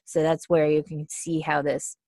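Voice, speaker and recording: A woman's voice: low-pitched, flat delivery, normal speed, mellow, dry recording, clean studio sound. A woman coaching in a casual, explanatory way, full of fillers and acted-out complaints. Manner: chatty, many fillers, acts out quoted complaints.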